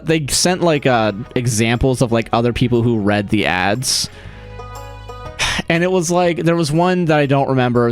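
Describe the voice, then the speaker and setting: A man livestreaming a game, chatting casually in a rambling, profane way and laughing often. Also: mid-range voice. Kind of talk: casual chat while streaming a game.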